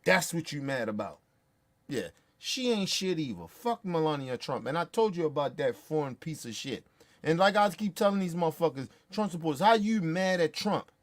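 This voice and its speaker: High-voiced man in a heated rant. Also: very animated, moderate pace. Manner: heated, blunt, repetitive, swearing. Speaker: commentator. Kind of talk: profane political rant.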